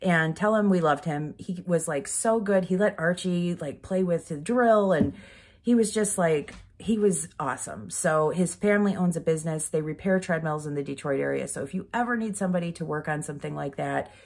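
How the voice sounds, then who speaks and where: In her candid vlog, this mother talks at normal speed in a voice on the low side, a little mellow. Her words ramble with many "like" fillers, heartfelt and emotional enough that she seems near tears.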